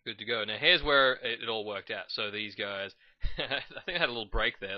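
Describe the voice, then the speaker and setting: A man's voice: on the low side, brisk, no room sound. Man rambling through game commentary. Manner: rambling, casual, self-correcting. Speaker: gamer commentating his match. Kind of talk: let's play commentary. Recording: dull lo-fi recording.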